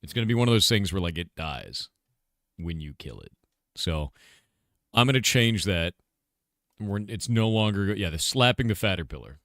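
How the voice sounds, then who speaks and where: Low-voiced man chatting with his livestream. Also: normal speed, pauses often, no echo, studio quality. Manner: talks to his chat, asking viewers questions and musing aloud; animated, with sudden emphatic outbursts. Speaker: game developer streamer. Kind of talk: casual livestream chat.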